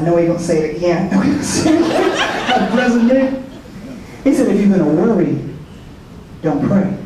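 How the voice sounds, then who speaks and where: A high-voiced man preaching at a prayer breakfast in a folksy, joking way. He acts out the voices of people he quotes. His voice is picked up from a distance and echoes around a big hall over faint noise. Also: warm tone. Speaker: soldier giving a prayer breakfast talk. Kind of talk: sermon.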